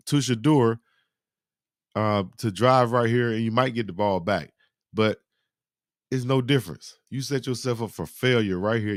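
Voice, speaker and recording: A man hosting a live football highlight reaction, giving animated, slangy play-by-play and talking to his chat. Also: dry recording, clean studio sound. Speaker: sports reaction host.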